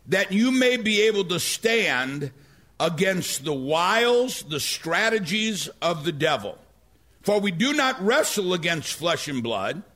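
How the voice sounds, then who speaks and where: A middle-aged male pastor preaching a sermon, telling stories with animated energy and rising to near-shouts. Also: fairly high pitch.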